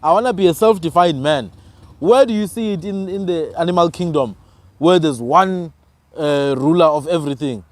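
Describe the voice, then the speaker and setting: A man's voice: fairly high pitch, normal speed, dry recording. A man from Africa, arguing his views with emphatic rhetorical questions in a passionate podcast conversation. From South Africa.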